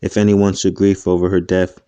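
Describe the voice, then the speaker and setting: A domineering, scheming young woman who gives orders in a smug, level way, as a man with a low, dark voice reads her lines. The delivery stays flat and even, and the recording is close and dry. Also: normal speed, clear, resonant tone, dry recording, natural voice.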